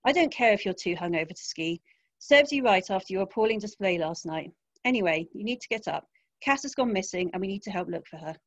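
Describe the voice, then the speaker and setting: A woman's voice: medium pitch, expressive, fast talker, dry recording, dull audio, lightly acted. A woman voicing a curt, impatient young man who cares about appearances, reading a crime story aloud. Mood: snappy. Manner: curt, snappy. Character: impatient young adult male partner, image-conscious.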